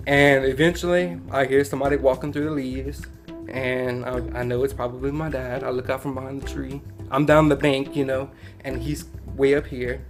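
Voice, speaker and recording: A man with a Cajun accent tells a story from his own life as a podcast guest. His delivery is animated and casual, full of Southern turns of phrase and quick laughs. His voice sits at a middling pitch. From Louisiana bayou country.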